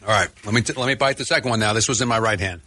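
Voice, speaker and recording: Bright-voiced, easygoing radio co-host man. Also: on the low side, rapid-fire, a little hiss or hum. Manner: laid-back, laughs easily, talks with food in mouth. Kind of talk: casual on-air banter. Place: radio studio. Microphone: studio microphone.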